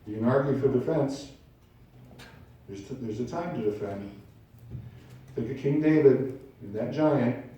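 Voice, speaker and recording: A man's voice: medium pitch, lo-fi sound. A man preaching a sermon as pastor, acting out little scenes as he tells stories. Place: church sanctuary. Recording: very echoey room, distant from the mic.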